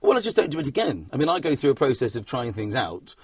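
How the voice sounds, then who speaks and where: A man's voice: medium pitch, very animated, fast talker, a little mellow, slightly rough. A comedian in a casual interview, rambling and self-deprecating, laughing often at his own stories. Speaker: comedian guest.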